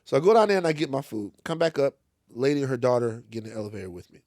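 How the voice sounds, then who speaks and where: A Louisiana man co-hosts a podcast from a studio, telling a story in casual chat with lots of swearing and acted-out voices. His medium-pitched voice comes rapid-fire, recorded clean with no room sound.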